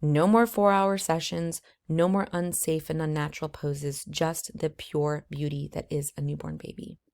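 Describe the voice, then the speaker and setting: A woman with a low voice explains her approach to newborn photography in a lesson. She talks earnestly and conversationally, dropping casual asides as she goes. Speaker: newborn photographer teaching a course. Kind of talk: course lesson.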